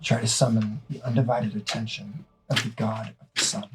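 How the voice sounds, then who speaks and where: A man narrating as game master of a tabletop game, describing scenes slowly and in detail. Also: lowish voice, steady tone, very noisy. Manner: slow, descriptive narration with voiced dragons.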